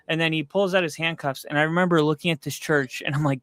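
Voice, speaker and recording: A man's voice: a little high, fairly even intonation, quick pace, hardly any pauses, fairly bright tone, no echo. A young man hosting a casual sports podcast, telling a story with loose fillers and frequent swearing. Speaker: podcast host. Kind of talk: casual chat.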